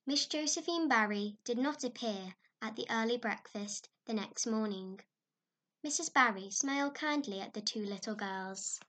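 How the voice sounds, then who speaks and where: A woman narrating a classic story in a measured, expressive way. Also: fairly high pitch. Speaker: audiobook narrator. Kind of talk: scripted narration.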